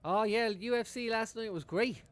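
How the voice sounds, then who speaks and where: A man's voice: high voice, moderate pace, a bit bright, clear, resonant tone. Chatty man streaming a match. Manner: chatty, swears freely, laughs often. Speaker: football streamer. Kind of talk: live match watchalong chat. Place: room at home.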